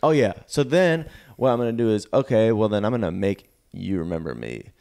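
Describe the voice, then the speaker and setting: A man's voice: fairly low pitch, lively intonation, fairly quick, gravelly, darkish tone. A man, a podcast co-host, casually telling an exaggerated, escalating comic revenge story.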